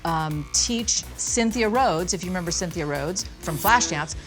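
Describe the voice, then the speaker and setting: Woman guest, lively storyteller, low-pitched and swinging in pitch, music bed behind. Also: unhurried. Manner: animated, laughing, acts out quotes. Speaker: guest dancer. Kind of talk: casual storytelling interview.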